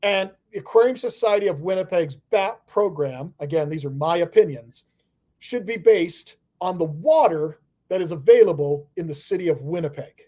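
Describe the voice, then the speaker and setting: A man's voice: high-pitched, animated, normal speed, darkish tone. A middle-aged man hosting a live-stream chat over a video call, rambling casually with frequent chuckles. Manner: rambling, chuckles often, friendly banter. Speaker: host of live aquarium club discussion.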